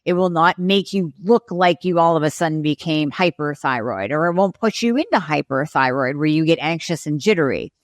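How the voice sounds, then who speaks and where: A woman with a fairly low voice explains things as an expert guest on a podcast. She walks through each point step by step and now and then acts out short exchanges between a patient and a doctor. The sound is dry and close. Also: expressive, a little fast, few pauses, dry recording. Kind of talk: podcast interview.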